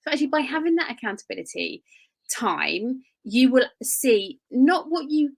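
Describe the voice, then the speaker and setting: A woman's voice: high-pitched, very animated, normal speed, vocal fry, darkish tone. A woman coach co-hosting a business podcast, talking casually and earnestly with strong emphasis.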